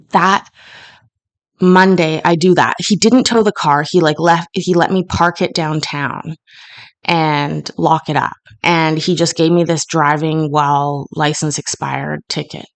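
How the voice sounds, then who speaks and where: A woman's voice: sits low, creaky. A Canadian woman in her thirties telling a rambling personal story in casual chat, with lots of fillers and restarts, at home in her kitchen. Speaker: host.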